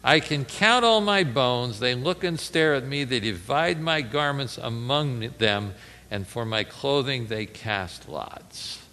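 A man's voice: medium pitch, lively intonation, takes it slowly, sharp tone, in a large hall. A man preaching a conversational Bible sermon, reading scripture aloud with rising intensity.

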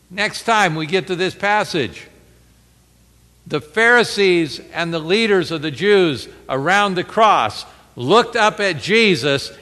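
A man's voice: high voice, bright, forceful tone, long reverb tail. A man preaching a conversational Bible sermon, reading scripture aloud with rising intensity.

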